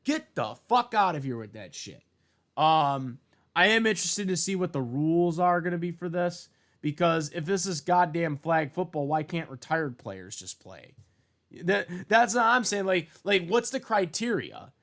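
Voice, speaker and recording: A man's voice: fairly high pitch, animated, normal speed, a bit bright. Heated, swearing man ranting on sports. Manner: profane, heated, many fillers and restarts. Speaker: sports commentator vlogger. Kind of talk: casual opinion rant.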